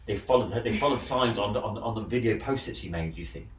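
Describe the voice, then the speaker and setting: Rambling man, low voice. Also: quick pace. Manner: rambling, repeats words and restarts. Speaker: film podcast host. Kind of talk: casual chat, retelling a film plot. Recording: roomy, distant mic with faint noise.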